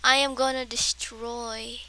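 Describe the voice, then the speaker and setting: Woman, high and bright, unhurried but excitable, dramatic gameplay commentary. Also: slight background noise. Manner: excitable and dramatic, gasping, with playful exaggeration. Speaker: gameplay streamer.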